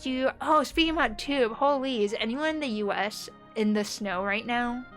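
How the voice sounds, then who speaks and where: A woman's voice: on the high side, normal speed, a bit bright, soft background music. Chatty young American woman streamer. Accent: neutral American. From United States. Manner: chatty, rambling, frequent laughs and fillers. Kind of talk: casual chat with viewers while gaming.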